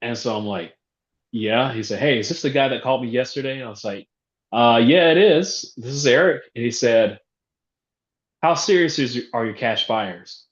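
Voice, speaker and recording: Animated man telling a story in a roomy hall. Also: mid-range voice, normal speed. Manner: animated storyteller, acts out phone calls, laughs often. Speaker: real estate investor. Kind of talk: conference talk storytelling. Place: event room. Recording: roomy, dull lo-fi sound.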